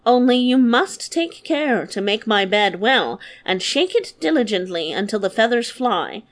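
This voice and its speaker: A woman reading aloud as a gentle old fairy-tale woman who speaks in a slow, kindly, reassuring way. The delivery is unhurried and calm, close to a storyteller's own voice. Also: mid-range voice, close to an everyday voice.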